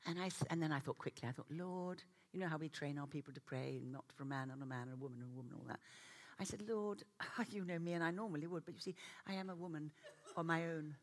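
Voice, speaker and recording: A middle-aged woman preaching a sermon, animated and self-mocking, often laughing as she tells stories. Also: sits low, fast talker, slight background noise.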